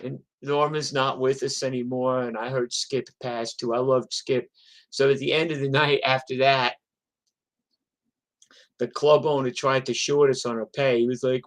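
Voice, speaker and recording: A man's voice: mid-range voice, steady tone, measured pace, rough recording. A man, a touring musician, telling road stories in a casual, profane, rambling way. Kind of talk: casual storytelling on a livestream.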